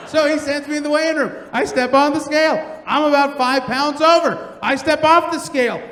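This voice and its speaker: A middle-aged man performing a stand-up comedy set, telling loud, animated stories and acting out the quotes. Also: extremely high pitch, moderate pace, slight background noise. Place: large theater stage. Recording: roomy theater with long reverb.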